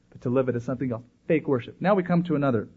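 A man preaching a sermon in an animated way, acting out voices when he quotes people. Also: mid-range voice, racing, breathy edge. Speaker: pastor. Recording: dull lo-fi recording.

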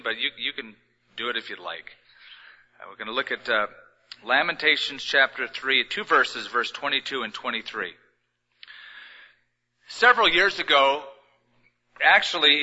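A middle-aged man preaching a sermon in a large church, telling stories in a relaxed, conversational way with touches of humor. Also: mid-range voice. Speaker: pastor. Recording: long hall reverb, dull lo-fi sound.

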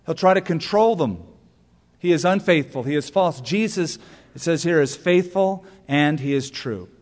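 Male preacher, somewhat high voice, sermon delivery, long hall reverb. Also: lively intonation, moderate pace, a little mellow. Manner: storytelling preacher, rhetorical questions, emphatic punch lines. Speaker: pastor.

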